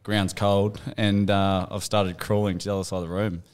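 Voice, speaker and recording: Australian bloke telling a crude joke. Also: male voice, lowish voice, normal speed, smooth. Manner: animated, acts out dialogue in a funny story, swears. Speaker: podcast co-host. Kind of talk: casual joke-telling among mates.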